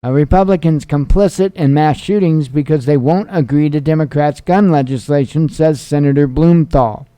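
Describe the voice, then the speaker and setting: A man's voice: on the high side, moderate pace, hardly any pauses, dark tone, clear, resonant tone, no room sound. A winded man hosting a news show, reading headlines aloud and adding dry, sarcastic asides between them.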